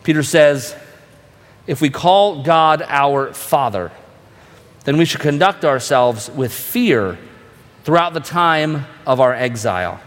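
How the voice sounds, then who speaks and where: A man's voice: fairly high pitch, lively intonation, takes it slowly, long reverb tail. A man preaching a sermon as pastor, earnest and direct, asking the congregation rhetorical questions.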